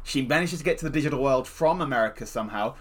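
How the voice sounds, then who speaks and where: A podcast co-host in casual chat, rambling and lively, with lots of fillers. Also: medium pitch, racing.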